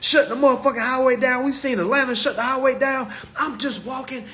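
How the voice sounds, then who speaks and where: A man on a live phone stream giving an impassioned monologue, swinging from loud exclamations to low muttering and repeating "all right?" constantly. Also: steady tone, brisk, a little hiss or hum. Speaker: livestream host.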